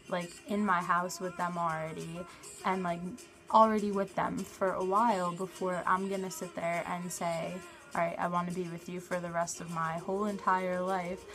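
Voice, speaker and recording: A young woman vlogging in a casual, chatty way, blunt and quick to swear. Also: on the low side, a bit bright, rough recording. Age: young adult. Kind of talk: casual vlog talk to camera.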